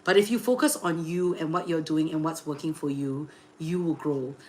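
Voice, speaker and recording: A young woman, hosting a casual livestream, chatty and full of fillers, excitedly greeting viewers. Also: low voice, moderate pace, a little hiss or hum. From Singapore. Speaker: livestream host and tarot reader.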